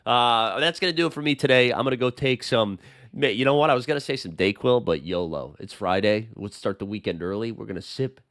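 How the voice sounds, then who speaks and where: A man with a Boston accent hosting a casual sports chat, his voice hoarse from being sick, talking in a rambling way with lots of fillers. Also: mid-range voice, a little fast, a bit bright, dry recording, clean studio sound. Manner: chatty, rambling with many fillers. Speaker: sports channel host.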